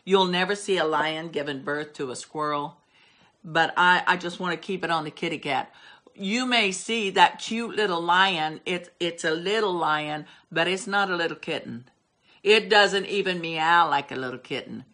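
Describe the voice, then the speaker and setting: A woman's voice: fairly low pitch, normal speed, pushed and bright. An older woman preaching a sermon, emphatic and repetitive as she drives her points home. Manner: emphatic, repeats words for stress.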